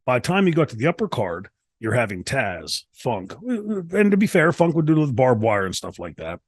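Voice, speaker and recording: An American former wrestler, appearing as a guest in a casual shoot interview, tells long rambling stories full of restarts. His mid-range voice swings widely in pitch at a moderate pace, with a breathy edge and no echo.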